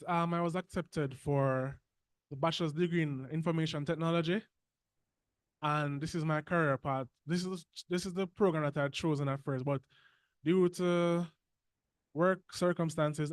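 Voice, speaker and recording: A man's voice: fairly high pitch, fairly even intonation, normal speed, smooth, no echo. A man calling in to a show, asking questions politely and with some hesitation. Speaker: caller. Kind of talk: phone-in questions.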